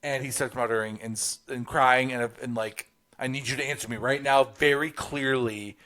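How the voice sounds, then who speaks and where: A man's voice: medium pitch, fairly even intonation, moderate pace, pushed and bright. A man co-hosting a podcast, walking through a movie scene step by step and quoting the characters. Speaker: podcast co-host. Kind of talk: casual film review chat.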